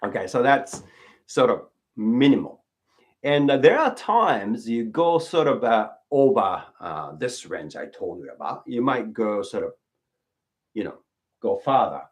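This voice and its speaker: A man teaching rakugo in an informal lesson, unhurried and full of fillers. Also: mid-range voice, big pitch swings.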